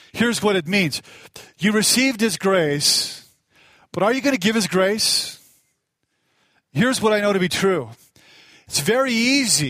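A man's voice: high-pitched, fairly bright tone, no echo. A middle-aged male pastor preaching a sermon in a conversational way, telling a personal story with feeling. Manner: conversational and self-deprecating, tells personal stories with emotion.

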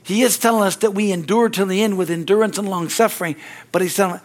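A man's voice: fairly even intonation, fast talker. A male pastor preaching energetically, calling out amen and hallelujah and acting out little dialogues. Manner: acts out little dialogues with sudden high-pitched voices. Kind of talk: sermon.

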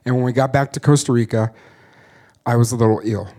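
A man in his thirties tells his story as a missionary, earnest and candid, with quick laughs at his own expense. His voice sits at an ordinary middle pitch for a man. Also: fairly even intonation, dark tone. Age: 30s. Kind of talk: personal testimony story.

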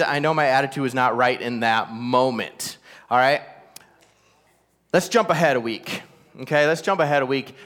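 A man telling a personal family story to a live audience. He is animated and self-deprecating, with frequent asides to the listeners. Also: mid-range voice. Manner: animated, self-deprecating, rising to loud exasperation at the climax; talks straight to listeners with frequent "all right?" asides.

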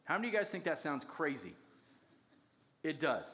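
A man's voice: fairly high pitch, sing-song, normal speed, pushed and bright. A man preaching a sermon, telling the story with jokes and acted-out quotes. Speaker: pastor.

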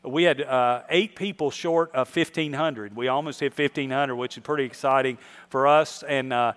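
A man's voice: medium pitch, steady tone, moderate pace, fairly bright tone. A middle-aged man, a pastor telling a funny story from the pulpit to his congregation during a church service. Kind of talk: sermon.

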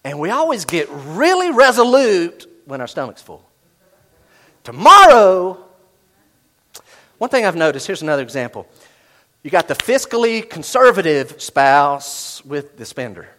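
A man preaching a sermon as pastor, swinging from loud emphasis to hushed asides and acting out quoted inner voices. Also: a little high, big pitch swings, measured pace, long pauses.

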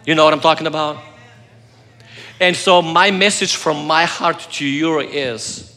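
Man, pastor, sermon, earnest storytelling, bright tone, long hall reverb. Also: on the high side, measured pace. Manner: earnest storytelling, swings between loud and soft.

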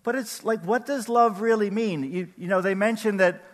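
Lively older man preaching in a hall. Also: high voice, moderate pace. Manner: animated, conversational, asks the audience questions. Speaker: pastor. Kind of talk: sermon.

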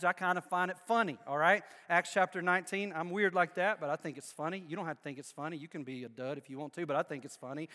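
A man's voice: high-pitched, pushed and bright. A man preaching a sermon, emphatic and playful, with joking asides to his congregation. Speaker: pastor. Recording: long hall reverb.

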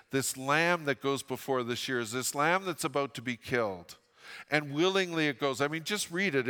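A man in his fifties from Western Canada preaching a sermon as pastor, reading scripture dramatically and dropping into a soft, confiding tone for personal stories. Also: mid-range voice, clean tone. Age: 50s. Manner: dramatic scripture reading, slowing and rising on quoted lines. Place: church sanctuary. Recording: long hall reverb from a church sanctuary.

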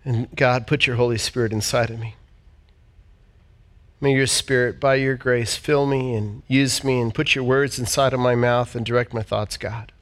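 A man's voice: mid-range voice, fairly even intonation, normal speed, fairly bright tone. A man leading a heartfelt sermon and prayer in church, speaking earnestly and repeating phrases. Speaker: pastor.

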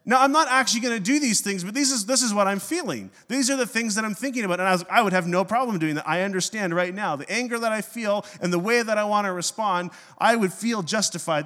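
A middle-aged man, a pastor, preaching a sermon and telling a personal story with self-mocking humor and animated swings in his delivery. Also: high voice, fast talker, few pauses. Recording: long hall reverb.

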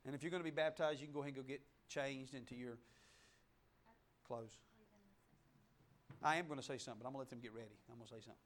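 A man preaching a sermon in a church, talking straight to the congregation and swinging between loud, fervent passages and soft, hushed asides. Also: mid-range voice, fairly even intonation, fast, long pauses. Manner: conversational, addresses the congregation directly. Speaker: pastor. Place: church sanctuary, in front of a congregation.

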